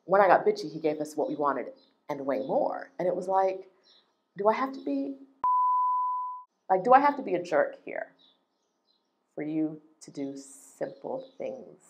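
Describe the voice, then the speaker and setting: A woman with a low-pitched voice rants in a vlog, indignant and emphatic. She repeats her points for effect and keeps the energy of a heated complaint. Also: measured pace, long pauses, highs cut off. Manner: animated, indignant, emphatic repetition. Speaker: travel business owner. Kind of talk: ranting vlog.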